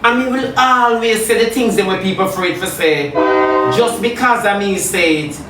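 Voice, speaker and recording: A Jamaican man delivers a combative, taunting rant and circles back to the same jabs over and over. His voice sits high for a man. The sound is roomy and distant, as if he stands well away from the mic. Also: normal speed, loud music behind the voice. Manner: combative, taunting, repeats phrases. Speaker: social media personality. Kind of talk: heated live rant.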